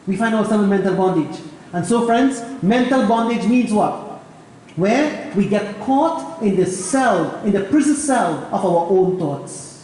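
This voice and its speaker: A Trinidadian pundit gives a lively sermon, mixing scripture with jokes and often calling out to his friends. His voice is high and booms through a very echoey hall, with faint ambience underneath. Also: unhurried, slight background noise. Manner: lively storytelling, addresses listeners as friends.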